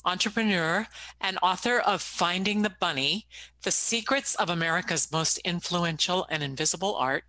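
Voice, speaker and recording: A woman's voice: on the low side, bright, forceful tone, rough recording. A middle-aged woman co-hosting a podcast, reading a scripted intro and chatting in a storytelling way. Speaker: podcast co-host. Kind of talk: scripted intro and casual chat.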